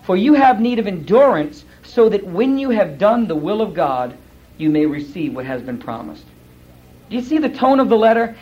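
A man, a pastor, giving sermon-style Bible teaching to a class. He is emphatic and animated, fires off rhetorical questions and acts out other people's voices. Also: high-pitched, normal speed. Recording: dull lo-fi recording.

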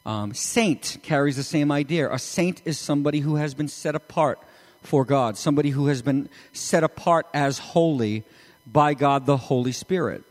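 Man, pastor preaching, somewhat high voice, emphatic bursts, long hall reverb. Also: normal speed. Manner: animated, rising to emphatic peaks. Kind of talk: sermon.

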